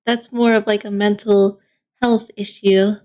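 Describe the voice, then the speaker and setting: A woman's voice: mid-range voice, flat delivery, unhurried, warm tone. A woman in casual chat, giving blunt opinions and short reactions.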